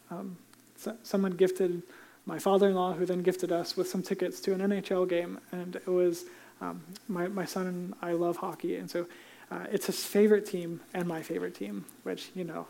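Male pastor, 30s, earnest conversational preacher, dark mellow voice. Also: high voice. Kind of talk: sermon.

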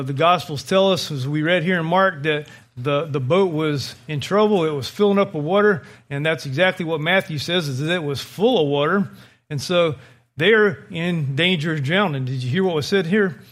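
Male pastor, pretty high voice, telling a bible story with lots of life. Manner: vivid, animated storytelling. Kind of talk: sermon.

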